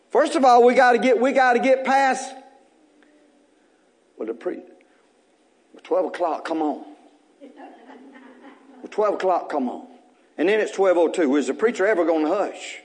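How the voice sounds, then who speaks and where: A male pastor with a very high voice preaches at a church service. He reads scripture and then works through it with the congregation, and he climbs into shouts when the message peaks. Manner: builds to shouting at high points. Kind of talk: sermon.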